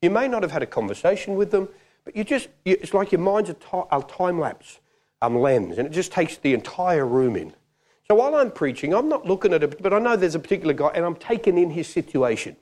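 Male preacher, middle-aged, animated storyteller, voice rises and falls a lot. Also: high-pitched, fairly quick. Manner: animated, acts out quoted voices. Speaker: pastor. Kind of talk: sermon with storytelling.

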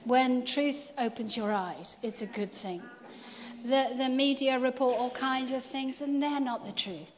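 A woman interviewing a guest at a church gathering, lively and often laughing. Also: sits high, measured pace, big-room sound, highs cut off.

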